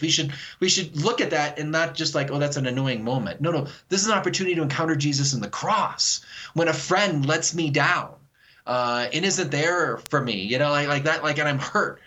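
A man speaking as a guest author on a call-in radio interview, earnest and animated, often repeating words as he thinks aloud. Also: on the high side.

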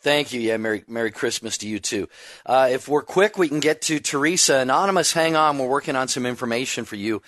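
A male radio host moving briskly between callers and keeping an eye on time. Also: medium pitch, a bit bright, no echo, clean studio sound. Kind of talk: call-in radio hosting.

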